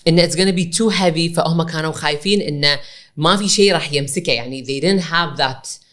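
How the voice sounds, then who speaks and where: A woman co-hosts a casual podcast and tells an animated personal story. She keeps her voice low and switches between English and Arabic, tossing in "blah, blah, blah" as she goes. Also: rapid-fire. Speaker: podcast co-host.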